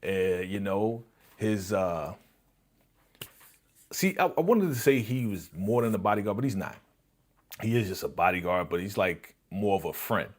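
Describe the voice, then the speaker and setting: Laid-back low-voiced man streaming. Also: animated, normal speed, pauses often. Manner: laid-back, repetitive fillers. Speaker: live-stream show host. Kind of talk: live TV reaction commentary.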